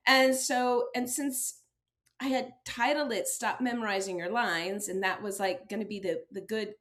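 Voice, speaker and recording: A woman's voice: medium pitch, fairly bright tone. A woman, an acting teacher and author, telling her story as an interview guest and acting out quoted exchanges with a laugh.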